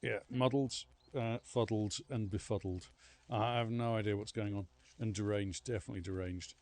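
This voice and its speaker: Here a man with a fairly low, slightly mellow voice talks at normal speed with fairly even intonation. He's livestreaming a game, chatting casually and rambling as he mocks himself for his viewers.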